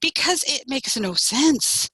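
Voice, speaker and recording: A woman's voice: very high-pitched, animated, unhurried, bright, forceful tone, no echo, pitched above the performer's own voice, heavily acted. A woman voicing a panicky little hen who screeches in alarm. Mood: insistent.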